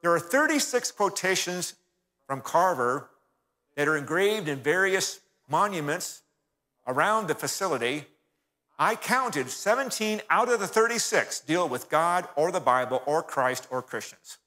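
A folksy man delivering a history talk from the front of a church, fairly high-voiced and bright. He keeps turning to his audience and calling them folks. A long reverb from the church hall hangs behind his voice. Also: very animated, a little slow. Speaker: guest speaker.

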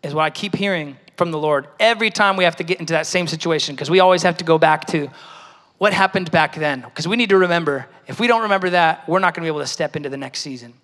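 A man preaches a personal testimony in a relaxed, storytelling way, often acting out what others said. His voice sits high and sounds bright and forceful. The sound carries the long reverb of a large church hall. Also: fast talker. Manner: storytelling, conversational, acts out quoted voices. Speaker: speaker at a church service.

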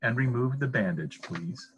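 A man's voice: medium pitch, lively intonation, a little hiss or hum, lightly acted. A man doing a firm little mouse dentist. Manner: firm, brisk.

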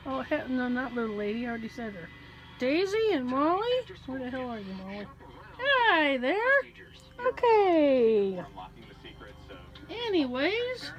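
A woman's voice: sits high, rough recording. A woman chatting in a rambling, casual way as she films her pets and bedroom at home on a handheld camera. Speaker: mother filming her home. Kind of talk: casual home video chat.

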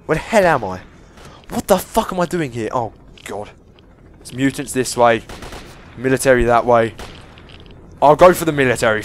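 A man's voice: medium pitch, a little hiss or hum. A young man commentating on a game he is playing, swearing and breaking into panicky outbursts. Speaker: gameplay commentator. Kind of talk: let's play commentary.

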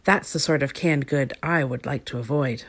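A woman voicing a cheerful, fussy male time traveller in a read-aloud storybook, giving brisk, good-natured orders. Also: very deep voice, slightly rough, voice pushed down, heavily acted. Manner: brisk, genial commands.

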